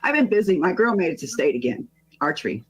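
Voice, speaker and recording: Husky, rambling, foul-mouthed woman. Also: lowish voice, big pitch swings, quick pace, low-quality recording. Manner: rambling, profane, proud parent. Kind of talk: casual rant.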